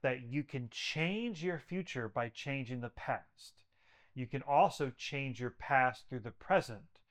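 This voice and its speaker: A man's voice: medium pitch, slow pace. A man who works with patients, speaking as a podcast guest in an earnest, emphatic way, building his points through repetition. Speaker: podcast guest, health practitioner. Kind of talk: conversational interview storytelling.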